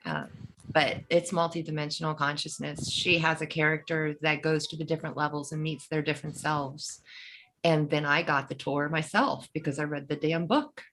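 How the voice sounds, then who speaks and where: A woman's voice: low voice, fairly even intonation, moderate pace, a bit bright, slight background noise, rough recording. Chatty, rambling woman. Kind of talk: casual chat.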